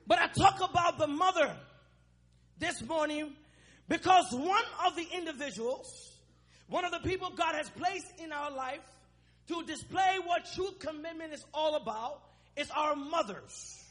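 A young man from Africa preaching a sermon to young people, impassioned and breaking into shouts. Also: very high voice, lively intonation, measured pace. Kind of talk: sermon with spoken-word poem.

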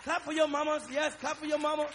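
Very high-voiced young male preacher. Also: completely flat delivery, fast, some chatter behind, a little hiss or hum. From Africa. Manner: impassioned, bursts into shouting. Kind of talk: sermon with spoken-word poem.

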